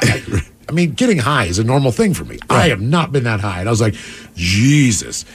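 A man's voice: mid-range voice, fairly quick, breathy edge. A man telling a funny story in casual podcast chat, laughing and acting out the voices of the people in it. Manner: animated, laughing, acts out quoted voices.

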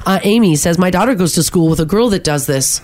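A woman co-hosting a radio show in casual chat, reading out stories and listener texts in a brisk, teasing way. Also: lowish voice, darkish tone. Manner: brisk, teasing, reads out news items.

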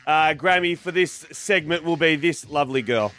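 A man's voice: fairly high pitch, normal speed, fairly bright tone. A man co-hosting a radio show, joking around while playfully reporting music news. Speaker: radio co-host.

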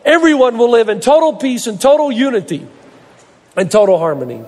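A man with a very high voice preaches a sermon, stressing each point and stacking phrase on phrase in repeated lists. His voice rings out with a long reverb, as though he stands in a large hall. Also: big pitch swings, a little fast, darkish tone. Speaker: pastor.

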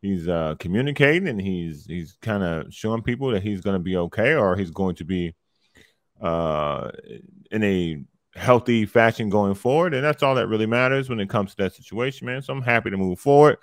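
A man co-hosting a sports talk show in a relaxed, easygoing way, often ending with "man". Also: fairly low pitch, moderate pace, no room sound, studio quality. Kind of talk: casual sports radio chat.

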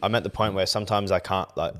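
Low-voiced young bloke yarning. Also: male voice, fast talker. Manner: animated storytelling, swears freely. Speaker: podcast co-host. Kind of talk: casual chat.

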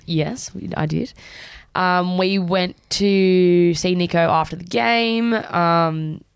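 A young Australian woman co-hosts a podcast from a studio, telling an animated story and acting out the voices she quotes. Her voice sits low, with a gravelly edge. The sound is dry and close to the mic. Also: slow, no echo. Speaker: podcast co-host. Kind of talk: casual chat.

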